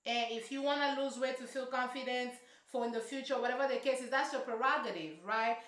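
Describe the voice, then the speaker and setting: A woman's voice: on the high side, fairly quick, fairly bright tone. A woman reviewing a reality show in casual, sassy, emphatic commentary full of slang. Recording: roomy echo.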